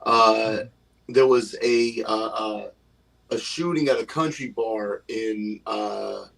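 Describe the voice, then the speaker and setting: A man chats loosely, with filler words between his thoughts. His voice is husky and gravelly and sits back from the microphone. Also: on the low side, steady tone, slow, fairly bright tone, recorded from a distance, rough recording. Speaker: stand-up comedian guest. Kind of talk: casual chat. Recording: voice from further off the mic.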